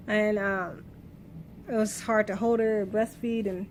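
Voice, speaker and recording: A woman's voice: medium pitch, steady tone, takes it slowly, long pauses, a little hiss or hum. A woman in her thirties telling her own birth story in a candid, emotional vlog, rambling with restarts. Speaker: vlogger.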